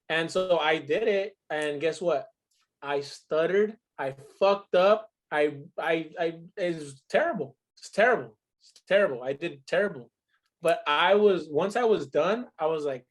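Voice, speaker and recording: A man's voice: a little high, normal speed. A man in his twenties in casual podcast chat, telling stories emphatically and swearing freely. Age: 20s. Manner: profane, emphatic storytelling.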